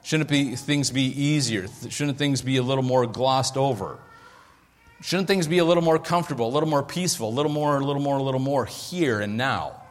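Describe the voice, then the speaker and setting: A man preaching a sermon as pastor, in a lively, conversational way with jokes and asides. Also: medium pitch, fairly quick. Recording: echoey hall with long reverb.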